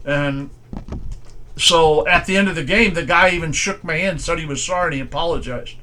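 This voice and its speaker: A pastor giving an informal, conversational sermon in plain, folksy speech, asking strings of rhetorical questions. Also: male voice, fairly high pitch, moderate pace, bright, forceful tone, slight background noise. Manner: plain everyday grammar.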